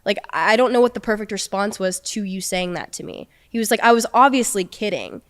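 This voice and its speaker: A woman's voice: medium pitch, fairly quick, clean tone. A young woman on a podcast, casually recounting a personal story and quoting what was said. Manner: recounting with quoted dialogue. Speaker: podcast guest.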